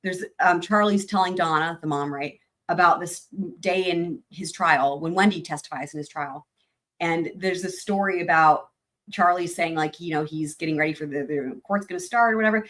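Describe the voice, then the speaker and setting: A woman hosting a livestream, commenting casually on trial footage with animated exclamations and swearing. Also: lowish voice, moderate pace. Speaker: livestream host.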